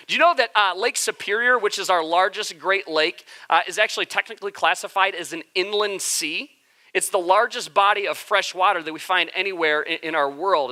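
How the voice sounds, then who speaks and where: A man's voice: high-pitched, sharp tone. A man preaching a casual sermon as the church's pastor, joking and conversational. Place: church sanctuary.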